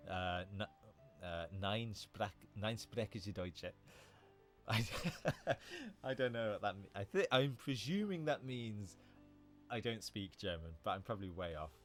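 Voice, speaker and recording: Chatty low-voiced man explaining words. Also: animated, measured pace, fairly bright tone, soft background music. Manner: chatty, self-correcting, laughs at himself. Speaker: livestream host teaching English vocabulary. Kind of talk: casual livestream explanation.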